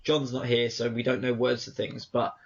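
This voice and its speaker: A man's voice: mid-range voice, little pitch movement, moderate pace, vocal fry. A man co-hosting a podcast, chatting casually and reflectively, acting out quoted exchanges as he rambles. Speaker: podcast co-host. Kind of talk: casual chat. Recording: dull lo-fi podcast audio.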